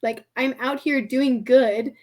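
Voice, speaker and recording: A woman with a high, light voice tells a story on a podcast, chatty and animated. She laughs often, keeps saying "like" and switches into little voices for the people she quotes. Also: slow. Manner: chatty, heavy use of "like" and "I'm like". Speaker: podcast guest. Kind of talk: storytelling in casual conversation.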